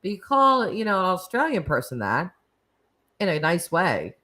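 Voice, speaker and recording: A woman's voice: lowish voice, big pitch swings, moderate pace, sharp tone. A woman hosting a casual live stream, chatting and laughing as she reacts to viewer comments. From United States. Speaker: livestream host.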